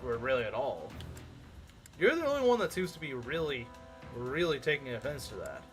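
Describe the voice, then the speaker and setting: A man's voice: medium pitch, big pitch swings, moderate pace, soft background music. A man streaming a game, chatting casually and arguing as he answers chat comments.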